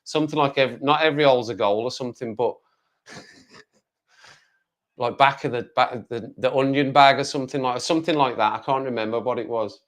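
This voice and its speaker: A man with a Black Country accent chats loosely on a live stream, wandering from one thought to the next as he answers his viewers. His voice sits at an ordinary middle pitch, and his tone stays relaxed and conversational. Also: fairly quick. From West Midlands, England. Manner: rambling, chatty, reads viewer comments aloud. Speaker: livestreamer. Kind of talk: casual live-stream chat.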